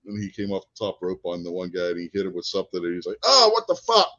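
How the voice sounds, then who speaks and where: A man co-hosting a casual wrestling chat show, telling stories in an animated way and laughing often. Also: deep voice, racing, dry recording. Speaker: podcast co-host. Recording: dull lo-fi podcast audio.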